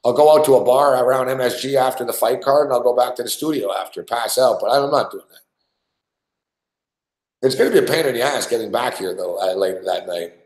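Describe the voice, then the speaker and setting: A man's voice: mid-range voice, brisk, a little mellow, echoey room, low-quality recording. A man from Quebec chatting casually and profanely on a betting show, with lots of "like" and "you know what I mean". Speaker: sports betting show regular. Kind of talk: casual chat. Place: studio.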